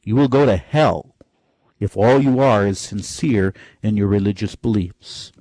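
A man preaching a sermon with fervent delivery, climbing sharply in pitch on key phrases and slowing down for emphasis. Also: mellow, dry recording.

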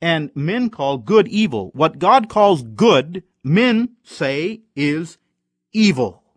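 A man preaching a sermon, measured and emphatic, leaning on single words for stress. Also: fairly high pitch, big pitch swings, dry recording.

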